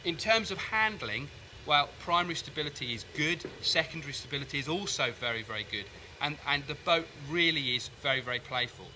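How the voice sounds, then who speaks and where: A man reviews equipment in a measured, upbeat way. His tone is strikingly bright and sharp, and he leans on doubled words for emphasis. A faint noise sits underneath. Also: a little high, expressive. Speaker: kayak reviewer. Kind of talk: product review to camera.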